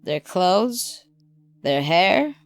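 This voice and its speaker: A male audiobook narrator voicing a sharp, skeptical female Time Lord who talks dryly and with sarcasm, her voice raised well above his own. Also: high-pitched, very animated, very slow, pitched above the performer's own voice, heavily acted. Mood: suspicious. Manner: dry and sarcastic.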